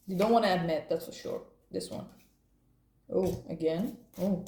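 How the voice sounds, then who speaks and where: A woman's voice: fairly low pitch, moderate pace, dark tone, roomy sound, slight background noise. A woman doing a casual, playful tarot card reading, rambling and laughing often.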